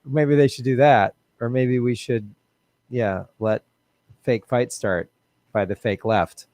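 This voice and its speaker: A man's voice: medium pitch, fairly even intonation, slow, darkish tone, no echo, clean studio sound. A man with a nasal Midwestern American accent hosting a casual live stream, wry and joking as he reads viewer comments. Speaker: host.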